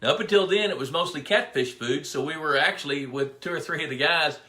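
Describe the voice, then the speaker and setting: A man's voice: a little high, brisk, sharp tone. Rambling man in an echoey room. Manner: rambling storyteller, greets viewers by name. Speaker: fisheries biologist hosting a live pond Q&A. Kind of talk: casual live-stream chat. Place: indoor room with his dog.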